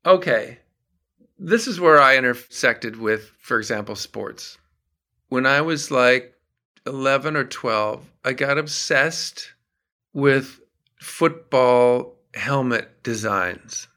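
A middle-aged songwriter from Minnesota, chatting as an interview guest and telling animated stories. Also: male voice, medium pitch, slow. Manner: animated storyteller, acts out quotes. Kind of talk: casual interview chat.

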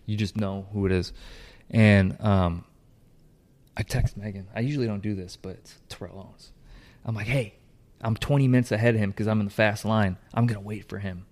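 A man with a fairly low voice tells a story in casual chat, animated and loose. He swears freely and slips into the voices of the people he quotes, keeping the talk lively and conversational. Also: fairly quick. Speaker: co-host telling a story.

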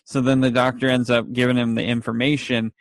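A man casually recapping a TV episode, retelling scenes with laughter and quick acted quotes. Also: medium pitch, flat delivery, no room sound. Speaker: podcast co-host.

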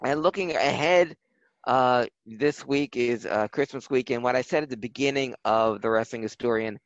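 A man co-hosting a wrestling podcast, telling history in a relaxed way with many fillers and restarts. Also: medium pitch, moderate pace, no echo, highs cut off. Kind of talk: casual chat.

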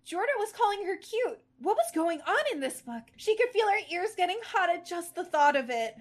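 A woman co-hosting a podcast, reading fan fiction aloud and chatting, animated and blunt with casual swearing. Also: extremely high pitch, brisk. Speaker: podcast co-host.

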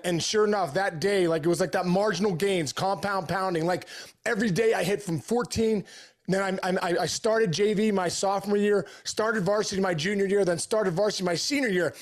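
A man's voice: high voice, brisk. A middle-aged man, a podcast guest, telling a story in eager, earnest conversation, often restarting his sentences.

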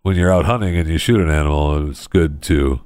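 A man hosting a casual comedy podcast, telling odd news stories in a rambling, deadpan way with lots of pauses. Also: rumbling low, heavy background noise. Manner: rambling storyteller, many uh fillers, deadpan. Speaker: podcast host.

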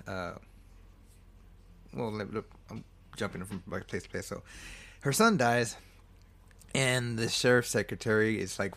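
A man's voice: fairly low pitch, a bit bright. Rambling, profane man recapping a movie. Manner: rambling, swears freely, corrects himself often. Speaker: movie reviewer. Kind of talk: casual film recap.

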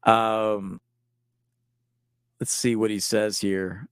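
A man's voice: medium pitch, unhurried, long pauses, no echo, studio quality. A man in his forties, a style coach hosting a live stream, talking casually in a loose, joking, profane way. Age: 40s.

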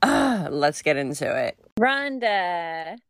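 A woman's voice: fairly low pitch, big pitch swings, slow pace. An American woman hosting a podcast, chatting casually and enthusiastically with frequent laughs and fillers. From United States. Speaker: podcast host. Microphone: remote call recording.

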